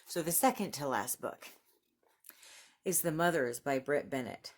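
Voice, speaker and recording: A woman with a notably low, deep voice, talking casually as a book vlogger. She gushes about the books she loves, gets excitable, and laughs often between remarks. She switches between chatty asides and reading the back-cover blurbs aloud. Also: a little slow.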